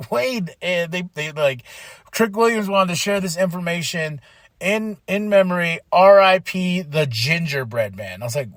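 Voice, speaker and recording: Excitable man recapping wrestling, dry close mic. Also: high voice, no echo. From Flagstaff, Arizona. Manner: excitable, lots of fillers, acts out quotes. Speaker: podcast host.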